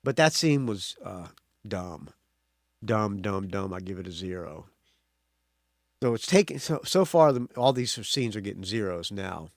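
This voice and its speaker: A man's voice: on the low side, very animated, normal speed, no echo, clean studio sound. A male podcast host giving a casual movie review monologue, blunt and profane, with frequent restarts.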